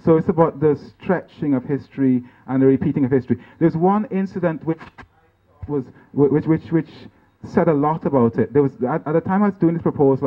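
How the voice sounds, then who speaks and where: A man from Guyana giving an informal artist's talk over slides, halting with many restarts and tag questions like "right?" and "you know". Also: mid-range voice. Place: lecture venue. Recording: tinny, phone-like band-limited sound.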